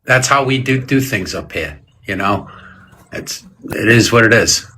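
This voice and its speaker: Blunt Rhode Island-accented man, forceful. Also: lowish voice, animated, measured pace, slight background noise. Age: adult with a young daughter. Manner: blunt, profane, combative. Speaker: debate livestream guest. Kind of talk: casual heated chat.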